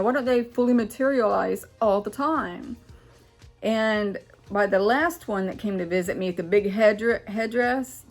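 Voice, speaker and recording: A woman vlogging in casual chat to camera, excitable and chatty, getting loud when she is excited. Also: mid-range voice.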